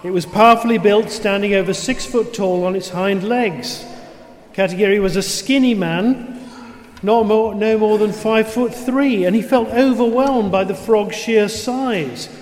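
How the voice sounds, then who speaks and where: A man reading a story aloud in a steady, clear manner with occasional asides. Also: high-pitched, unhurried. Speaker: reader. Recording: roomy with long reverb, faint noise.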